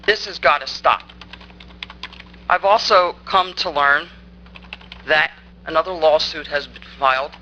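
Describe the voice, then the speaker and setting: A woman's voice: low voice, sharp tone, dull audio, slight background noise. A woman resident speaking at public comment during a town council meeting, angry, accusing and insistent.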